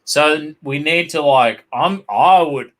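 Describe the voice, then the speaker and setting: Australian co-host, crude storyteller, lots of swearing, sharp bright tone, casual banter. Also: male voice, a little high, slow pace. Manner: crude, swears constantly, tells rowdy anecdotes. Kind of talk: casual chat.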